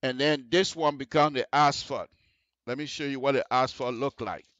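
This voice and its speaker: A man explains road construction and design on a radio show, checking frequently that listeners follow with questions like "you see the difference?" His mid-range voice is fairly bright with fairly even intonation at normal speed, and the studio recording has no echo but sounds muffled.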